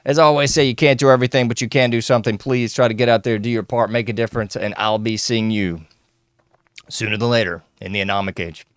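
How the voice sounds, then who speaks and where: Brief: relaxed male host, smooth tone, dry booth sound. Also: mid-range voice, fast talker, no echo. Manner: easygoing, loose, says "man" often. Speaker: podcast host. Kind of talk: casual interview chat.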